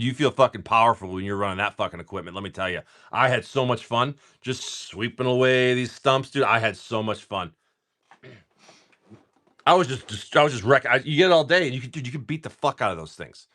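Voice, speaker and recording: A man talks loosely on a card-opening livestream, swearing freely and circling back on his sentences. His pitch swings widely as he reacts to the cards he pulls. His voice is mid-pitched. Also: fairly bright tone. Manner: laid-back, rambling and profane, lots of restarts. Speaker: card-breaking livestream host. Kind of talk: casual livestream chat while opening card packs.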